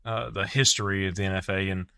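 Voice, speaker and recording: Male co-host, dry teasing asides, very bright voice. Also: low-pitched, steady tone, fast, vocal fry, clear, resonant tone, dry recording. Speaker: podcast co-host. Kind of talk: casual chat.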